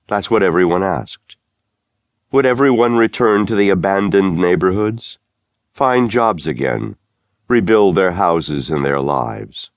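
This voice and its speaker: Man, audiobook narration, deep voice, lively intonation, dry and slightly dull sound. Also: no echo. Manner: measured, steady storytelling. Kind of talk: scripted narration.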